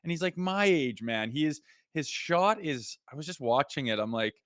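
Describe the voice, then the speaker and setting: A Canadian former player in his thirties co-hosts a casual hockey podcast, animatedly telling stories and acting out what people said. His voice is a little high at a moderate pace, recorded cleanly in a studio without echo.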